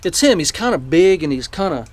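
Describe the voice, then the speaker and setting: A man's voice: a little high, very animated, a little fast, slight background noise. A man vlogging, eagerly retelling a personal story to camera in a rambling way, with the odd swear.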